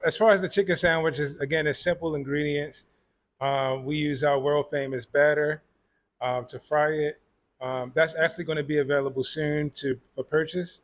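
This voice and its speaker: A man, a chef and restaurant owner, answering interview questions in a soft-spoken way with frequent pauses and fillers. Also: fairly high pitch, fairly even intonation.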